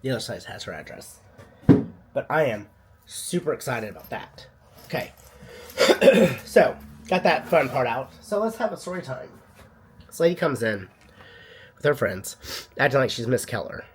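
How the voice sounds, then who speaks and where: A man's voice: mid-range voice, big pitch swings, a little slow, pauses often, a little hiss or hum. A man chatting casually in a vlog, a boutique owner telling stories in a sassy way, coughing now and then while under the weather.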